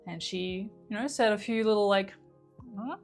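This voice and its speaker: A woman coaching on the mind and body, telling a story to camera in a relaxed, conversational way and slipping into the voices of the people in it. Her pitch is mid-range, with faint music underneath. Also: normal speed, gravelly. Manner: conversational, re-enacts quotes.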